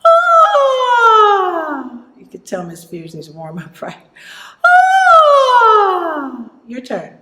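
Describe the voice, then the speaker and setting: A woman teaching children a vocal warm-up, encouraging them and demonstrating exercises. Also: deep voice, moderate pace, echoey room, heavy background noise. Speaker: music teacher.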